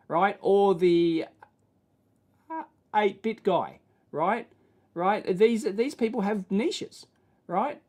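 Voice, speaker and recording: A man with an Australian accent and a nasal, whiny voice, hosting a casual livestream chat, rambling and self-deprecating, often tagging sentences with "right?" and clearing his throat. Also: high voice, darkish tone. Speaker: livestream host.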